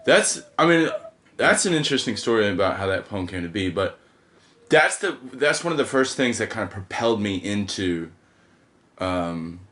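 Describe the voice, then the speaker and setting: A man's voice: fairly low pitch, big pitch swings, moderate pace, a bit bright. A man hosting an interview in casual chat, often answering with short, amazed interjections. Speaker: podcast host.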